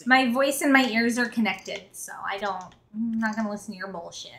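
High-voiced, sarcastic woman streamer. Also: brisk, a bit bright. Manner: grumbling, sarcastic, swears freely. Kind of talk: casual live-stream chat while gaming.

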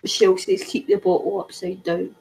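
A woman chatting casually with a friend on a video call, relaxed and laughing at her own remarks. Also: fairly low pitch, brisk, creaky, slight background noise, low-quality recording.

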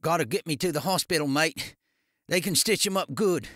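A man's voice: fairly high pitch, normal speed, a bit bright, no room sound, studio quality, pitched above the performer's own voice. A male narrator voicing a scrawny, panicky crook with a whiny, shrieking delivery. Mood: pained.

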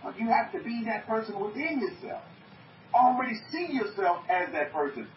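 His voice sits high and moves in a sing-song way at a moderate pace as he preaches to an online group. This North American man is emphatic, repeating phrases and quizzing his listeners, heard muffled and echoey from far off with slight background noise.

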